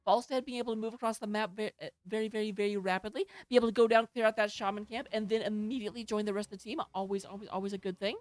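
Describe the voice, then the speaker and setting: A woman's voice: medium pitch, fairly even intonation, rapid-fire, few pauses, dry recording. A woman casting a live-streamed esports match from her home setup, playful, goofy and self-mocking as she talks into a headset. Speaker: esports tournament caster.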